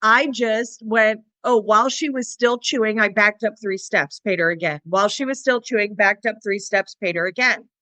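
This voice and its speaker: A woman co-hosting a podcast about dog training, talking in a relaxed, chatty way. Her voice is bright and forward, recorded dry and close with no room sound. She slips into quick little voices for the dogs and their owners. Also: medium pitch, dry recording. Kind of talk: casual podcast conversation.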